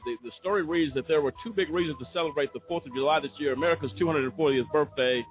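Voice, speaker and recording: A man hosting a talk radio show who reads out articles in a measured way. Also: fairly high pitch, narrow, tinny audio. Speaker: radio host.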